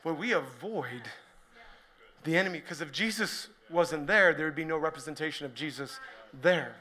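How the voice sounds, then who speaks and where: A man preaching a sermon to a church, joking with the crowd and building up to shouted points. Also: fairly high pitch, normal speed. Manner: energetic, joking, rising to shouted emphasis. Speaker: pastor.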